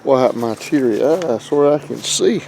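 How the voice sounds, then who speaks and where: Standing by a grill outdoors before dawn, a middle-aged vlog host chats casually, rambling in a folksy way and joking at his own expense. His medium-pitched voice is expressive, unhurried, creaky and darkish, with faint outdoor noise in the background.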